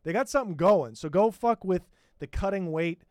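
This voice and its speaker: A man's voice: high-pitched, lively intonation, moderate pace, a little mellow, no room sound, clean studio sound. A man hosting a comedy podcast, riffing in a profane, rambling and sarcastic way. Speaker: podcast host.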